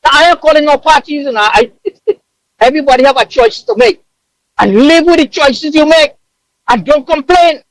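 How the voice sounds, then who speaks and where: A man's voice: very high voice, expressive, normal speed, dry recording, rough recording. A man, calling in from abroad to a talk radio show, emotional and preaching with emphatic repetition. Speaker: caller living abroad. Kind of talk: impassioned call-in rant.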